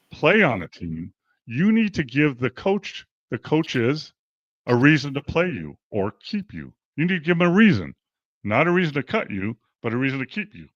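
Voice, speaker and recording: A man's voice: mid-range voice, no room sound. Older guy coach talking hoops, voice jumps all over, dry kinda dull sound. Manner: animated storytelling, acts out quotes. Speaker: basketball coach and former pro player. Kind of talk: casual interview talk.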